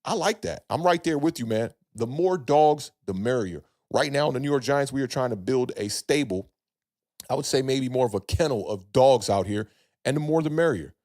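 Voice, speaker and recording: A man's voice: medium pitch, moderate pace, mellow. A young man hosting a casual livestream sports chat. He reads chat comments aloud, greets chatters by name, and hedges with plenty of fillers. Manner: laid-back, hedging, many fillers, greets chatters by name. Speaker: podcast host reading live chat.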